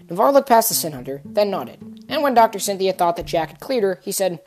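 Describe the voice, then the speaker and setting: Calm woman narrating a story. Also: lowish voice, fairly quick, soft background music.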